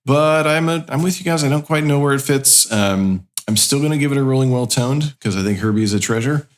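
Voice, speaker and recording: A man's voice: mid-range voice, lively intonation, fairly quick. A man co-hosting a music podcast, giving a rambling, thoughtful opinion. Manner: thoughtful, rambling, many ums. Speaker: podcast co-host. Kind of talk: casual chat.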